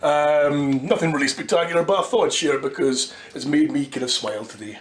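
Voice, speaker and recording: Casting: Scottish Highland man, relaxed jokey storyteller, slightly high voice, reading at home. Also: fairly quick, slightly rough. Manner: easygoing, jokey, chatty asides. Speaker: host reading a children's book. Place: kitchen at home, indoors.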